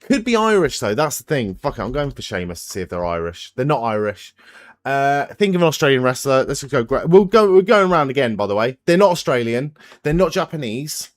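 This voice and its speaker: A man's voice: medium pitch, big pitch swings, a little fast, no room sound, clean studio sound. A man hosting a live watch-along stream, thinking aloud and swearing freely as he plays a guessing quiz with viewers.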